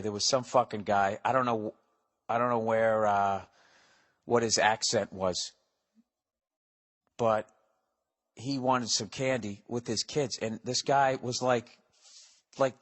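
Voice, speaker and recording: A middle-aged man talks alone into his podcast mic, ranting with constant swearing and sarcastic, mock-angry asides. His pitch sits in a typical male middle range. A long reverb trails behind his voice. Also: fairly bright tone. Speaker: comedian podcast host. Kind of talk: casual solo monologue.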